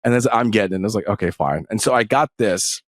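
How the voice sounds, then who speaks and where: Relaxed rambling man, podcast co-host. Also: fairly low pitch, very fast, no echo, clean studio sound. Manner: relaxed, rambling, many fillers. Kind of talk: casual chat.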